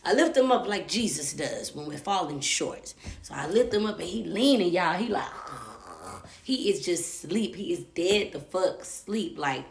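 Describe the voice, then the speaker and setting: A young woman telling a personal story live, animated and profane. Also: lowish voice, measured pace, vocal fry, reverberant. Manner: animated, profane, acts out quotes. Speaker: storyteller host.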